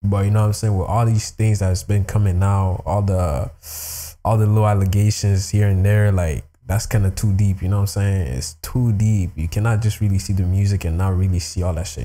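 Over hip hop music, a man hosts a music reaction video in loose, slangy talk packed with "you know what I'm saying" and other fillers. His voice is low-pitched and dark in tone, brisk, with fairly even intonation.

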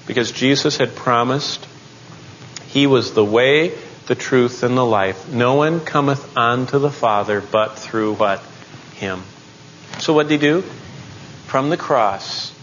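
A man teaching the Bible in a sermon style, telling the story dramatically and rising into excited outbursts. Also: medium pitch, muffled recording, a little hiss or hum.

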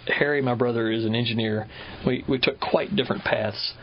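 Unhurried Kentucky-born man telling river stories. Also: mid-range voice, fairly even intonation, muffled recording. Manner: thoughtful, unhurried storytelling with restarts. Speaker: guest river scientist. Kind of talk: radio interview.

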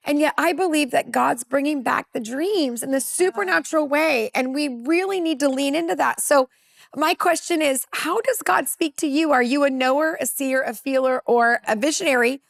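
A woman in her forties from California, a women's pastor, telling a personal testimony on a talk panel as a lively storyteller who acts out dialogue. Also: high-pitched, normal speed, creaky, dry recording.

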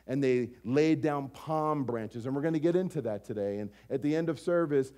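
A man preaching a sermon as pastor, conversational and animated, full of rhetorical questions. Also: mid-range voice.

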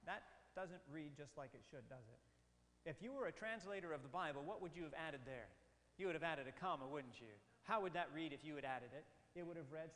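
A man's voice: on the high side, fairly bright tone. A man preaching an emphatic seminar sermon, often putting questions to his audience. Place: hall with audience. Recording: long hall reverb.

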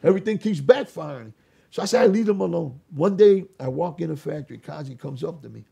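An older man with a very raspy voice, giving an animated personal testimony as an interview guest, acting out dialogue and restarting his sentences often. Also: a little high, fast talker. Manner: re-enacts dialogue, repeats words and restarts often. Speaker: interview guest, former gang leader.

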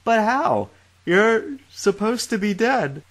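A casual teenage boy with a wry, slangy way of talking, a bit higher and livelier than the narration, as a man reads him. His lines bounce in this fan-fiction audiobook. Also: big pitch swings, slow pace, heavily acted. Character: sarcastic teenage boy trainer, easygoing.

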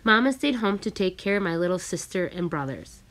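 A woman narrating a storybook reading in a measured, careful way. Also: lowish voice, expressive, a bit bright. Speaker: audiobook narrator.

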